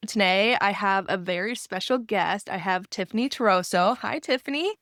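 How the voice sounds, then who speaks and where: A woman's voice: mid-range voice, normal speed, a bit bright, no echo, studio quality. A young adult woman hosting a podcast interview, chatty and enthusiastic. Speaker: podcast host.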